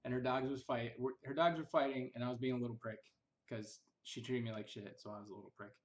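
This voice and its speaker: A young male vlogger casually recounts his family history at a fast clip, his mid-range voice staying fairly even in intonation. His storytelling rambles and turns bitter, and now and then he mimics other people mockingly.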